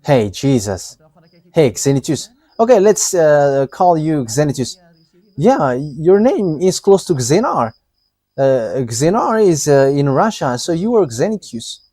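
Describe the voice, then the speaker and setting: A man delivers a live religious teaching in a fairly high voice that swings widely up and down. He talks hesitantly, stumbling through fillers and restarts and breaking into laughs. The sound is dry and close, with no room echo. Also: sing-song, measured pace, warm tone.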